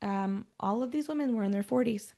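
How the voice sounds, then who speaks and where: Her voice is a little high, warm and creaky, and she talks fairly quickly as she hosts a true-crime podcast. She moves back and forth between read-out storytelling and relaxed, offhand asides.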